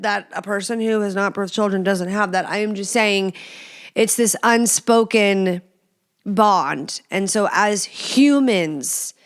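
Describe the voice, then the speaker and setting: A woman hosts her podcast in a loose, casual monologue. She talks bluntly and swears freely, and she drags out key words for emphasis. Her pitch sits in the middle of the range. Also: clear, resonant tone. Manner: blunt, crude and chatty, with drawn-out emphasis. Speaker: podcast host.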